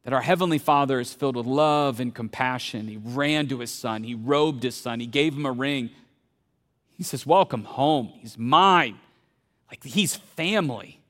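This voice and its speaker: A man preaching a sermon in a conversational way, asking the audience questions and swinging between loud bursts and hushed tones. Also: mid-range voice, normal speed, long reverb tail. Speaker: pastor.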